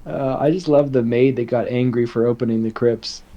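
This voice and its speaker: A man's voice: medium pitch, steady tone, normal speed, mellow, lo-fi sound. Dry-joking man at a game table. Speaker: player. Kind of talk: casual banter at a game table.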